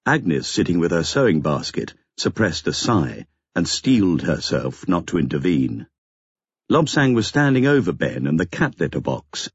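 A man narrating an audiobook in a steady, expressive reading, on a slightly dull lo-fi recording. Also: deep voice, moderate pace, slightly rough, no room sound. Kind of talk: scripted narration.

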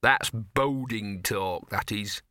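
A man's voice: on the low side, takes it slowly, sharp tone, dry recording, clean studio sound. A man voicing a cynical, scruffy talking dog who grumbles and makes sardonic remarks in an audiobook.

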